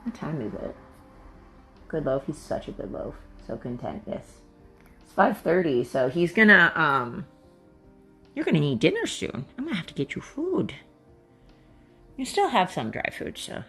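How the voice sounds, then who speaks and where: A woman live-streaming from her living room on a phone, chatting to viewers while she coos at her cat in a high baby-talk voice and mutters to herself while setting things up. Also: sing-song, normal speed, long pauses, fairly bright tone, slightly rough, faint music behind. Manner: rambling, self-talking while setting up. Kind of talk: casual live-stream chat.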